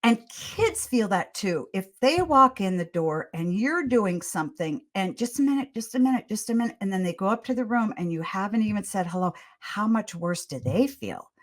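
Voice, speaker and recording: This older woman, a pediatrician on a podcast, shares parenting advice conversationally in a mid-range voice with lively intonation. She keeps a moderate pace with hardly any pauses, telling stories earnestly and restarting her sentences often.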